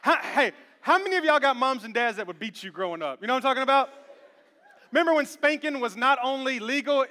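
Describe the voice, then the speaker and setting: A male pastor in his thirties delivers a playful, animated sermon with a very high, bright voice. He swings from hushed talk into shouting. A long church reverb trails every phrase.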